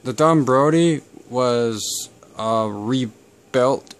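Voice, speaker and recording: A man's voice: mid-range voice, a bit bright, smooth. A man, from Canada, talking casually to camera about family history in a rambling, digressive way. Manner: rambling and digressive, with many fillers. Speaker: channel host.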